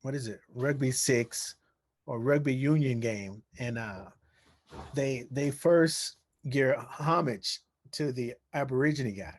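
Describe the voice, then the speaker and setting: A man telling an anecdote in casual chat, rambling and often pausing on fillers. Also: medium pitch. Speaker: guest.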